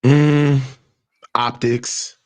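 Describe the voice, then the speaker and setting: A man's voice: mid-range voice, flat delivery, very slow, darkish tone, clean tone, no room sound. A man who is a coach, speaking hesitantly on a sports talk show. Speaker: coach panelist.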